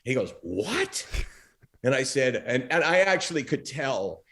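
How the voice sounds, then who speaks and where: Animated storytelling man, former talk host. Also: normal speed. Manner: animated storyteller, acts out quoted dialogue with big pitch swings. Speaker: podcast guest, former talk show host.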